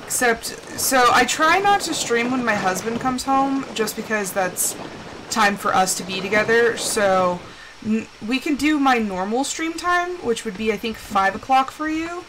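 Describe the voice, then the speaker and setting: A woman game streamer with a high, bouncy voice that swings all over the place, chatting with her viewers and erupting into theatrical, exasperated protests. A clear layer of background noise sits under her voice. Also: lively intonation, a little slow. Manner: dramatic, exasperated outbursts; chatty asides to chat. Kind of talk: live gameplay chat with viewers.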